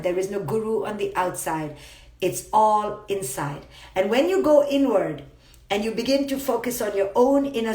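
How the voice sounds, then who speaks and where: A woman psychologist giving a live-streamed motivational talk, emphatic and blunt, repeating her key words. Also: medium pitch. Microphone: phone live stream. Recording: roomy echo.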